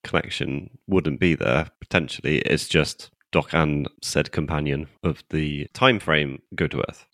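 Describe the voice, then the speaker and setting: A man's voice: a bass voice, unhurried, few pauses, fairly bright tone, no echo, studio quality. A man co-hosting a casual chat, asking wry questions and trailing off with fillers. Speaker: podcast co-host.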